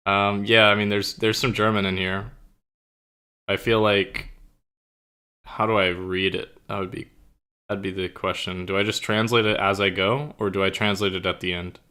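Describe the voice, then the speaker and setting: A young man with a bright, forceful voice that sits a little low, rambling to his stream chat. He talks casually, full of fillers and offhand swearing, into his own streaming mic. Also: level tone, moderate pace, clear, resonant tone.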